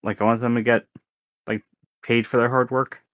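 A man's voice: medium pitch, little pitch movement, normal speed, fairly bright tone, no room sound. A man co-hosting a podcast, speaking earnestly and hesitantly, often restarting sentences. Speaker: podcast co-host. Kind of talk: casual chat.

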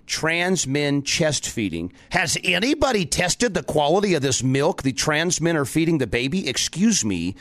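A man hosting a political talk show, delivering a sarcastic, animated monologue that rises into emphatic outbursts. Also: a little high, moderate pace, hardly any pauses, no room sound.

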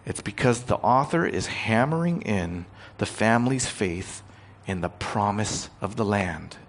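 A man preaching a sermon, growing loud and emphatic on key points and retelling scripture in casual modern paraphrase. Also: fairly low pitch, expressive, measured pace, slight background noise. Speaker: pastor.

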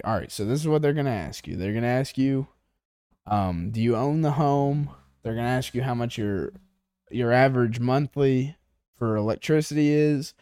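A man's voice: medium pitch, clean tone, no room sound, clean studio sound. A man co-hosting a podcast in a tea shop, telling profane stories in casual chat and acting out the people in them. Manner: profane, animated storytelling with acted quotes. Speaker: podcast co-host.

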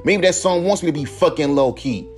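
A man's voice: a little high, fairly quick, soft background music. A young man, a rapper hosting his own podcast, ranting alone with heavy profanity and mocking imitations of his critics. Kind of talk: solo podcast rant.

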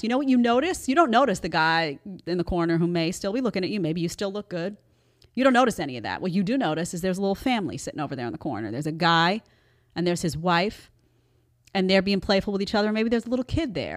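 Woman host, middle-aged, mid-range voice, direct and emphatic. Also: mid-range voice. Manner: emphatic, conversational, talks straight to viewers. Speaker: show host. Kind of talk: live commentary show.

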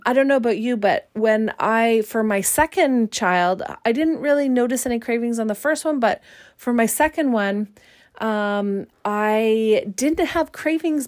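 A woman in her thirties hosting a podcast as a doctor, talking in a casual, upbeat, chatty way with frequent fillers and quick laughs. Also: fairly high pitch. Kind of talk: casual solo podcast talk.

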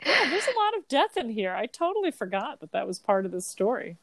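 A woman co-hosting a casual chat, animated and profane, laughing often as she talks. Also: a little high, brisk, no echo. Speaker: podcast co-host.

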